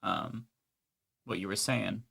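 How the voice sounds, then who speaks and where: A man's voice: fairly low pitch, fairly even intonation, slow pace, creaky, bright, forceful tone, breathy edge, no room sound, clean studio sound. A man in his thirties co-hosting a casual live stream, easygoing and agreeable, laughing often.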